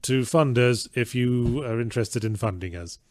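A man's voice: medium pitch, normal speed, dry recording. A man co-hosting a stream in casual chat, making dry, wry remarks. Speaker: stream co-host.

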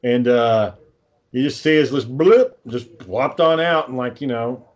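A man's voice: mid-range voice, measured pace, muffled recording. A young adult man co-hosting a casual chat, rambling through stories and swearing freely. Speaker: podcast co-host.

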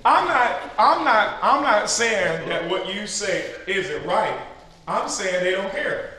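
High-pitched preacher guy hyping the room, echoey hall, crowd answering back. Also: big pitch swings, takes it slowly. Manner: call-and-response, builds to shouting peaks. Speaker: pastor leading a leader training. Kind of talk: sermon-style teaching. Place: large church hall with an audience.

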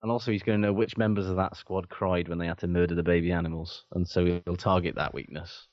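A man's voice: sits low, steady tone, fast talker, no echo, highs cut off. A man co-hosting a podcast in casual chat, dry and sardonic, swearing freely. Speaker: podcast co-host.

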